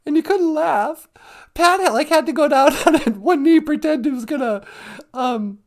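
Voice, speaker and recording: A woman co-host telling an anecdote in a giggly, animated way. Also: sits high, moderate pace.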